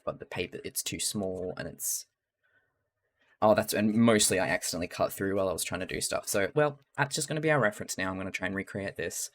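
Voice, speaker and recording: A man's voice: low-pitched, a bit bright. An Australian man who streams live, talking casually and chattily to his chat while he crafts, rambling a little, laughing often and swearing freely.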